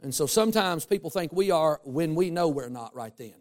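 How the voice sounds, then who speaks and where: Male pastor, high-pitched, lively humorous sermon delivery. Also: fairly quick. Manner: animated, humorous preaching with rising emphasis and asides to the congregation.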